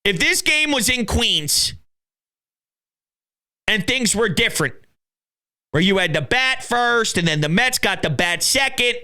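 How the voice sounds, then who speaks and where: Young Philly male host, high bright voice, shouty animated call-in chat. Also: a little slow, long pauses. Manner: animated, shouts and acts out quotes. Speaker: show host. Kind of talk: excitable sports call-in chat.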